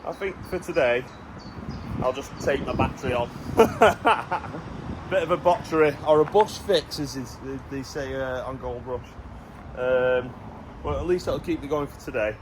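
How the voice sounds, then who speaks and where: A man chatting casually to camera while clearing land outdoors. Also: medium pitch, measured pace. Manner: chatty, jokey, talks to camera while working. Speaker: vlogger. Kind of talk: casual outdoor vlog chat. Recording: noisy outdoor background.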